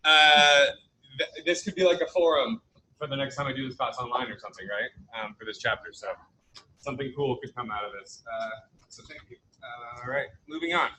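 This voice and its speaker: A man's voice: mid-range voice, brisk, sharp tone, a little hiss or hum, low-quality recording. A young man giving a casual online college economics lecture, chatty and jokey, often checking in with "right?".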